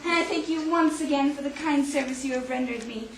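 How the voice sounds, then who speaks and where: An actress in an amateur stage play playing a grateful young mademoiselle who gushes in formal, old-fashioned phrases. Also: female voice, high voice, fairly quick, a little hiss or hum. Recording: echoey hall.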